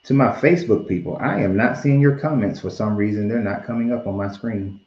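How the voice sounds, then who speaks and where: A man hosting a live stream, speaking in a calm, patient way and giving advice. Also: fairly low pitch, brisk. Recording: roomy, dull lo-fi stream audio.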